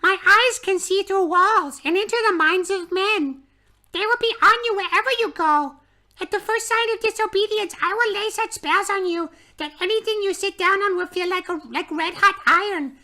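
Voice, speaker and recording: Man putting on a shrill imperious witch queen. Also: moderate pace, sharp tone, heavily acted. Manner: scornful, haughty, commanding. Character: imperious cruel witch queen, woman, commanding. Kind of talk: storybook read-aloud.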